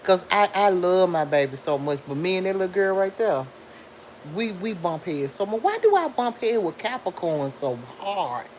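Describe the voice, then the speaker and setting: Lively, chatty middle-aged woman. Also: moderate pace, a little hiss or hum, poor audio. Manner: lively, chatty, swoops high for emphasis. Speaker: livestream host reading viewer comments. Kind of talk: casual livestream chat.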